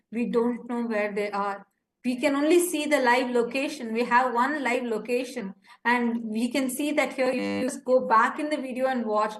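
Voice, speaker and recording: Impassioned high-voiced woman pleading urgently. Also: slight background noise. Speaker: presenter of a live-streamed appeal. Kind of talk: urgent live-streamed appeal.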